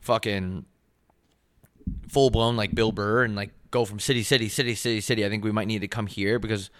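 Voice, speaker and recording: Young male podcast co-host, bright tone, dry close mic, rambling and profane. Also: fairly low pitch, fairly even intonation, a little fast, dry recording. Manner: laid-back, filler-heavy, swears a lot. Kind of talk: casual chat.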